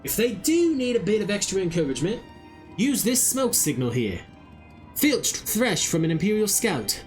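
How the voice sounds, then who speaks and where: A man voicing a rough-spoken older male schemer with a folksy, put-on rustic drawl. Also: high-pitched, expressive, moderate pace, a little mellow, soft background music, pitched above the performer's own voice. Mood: scheming.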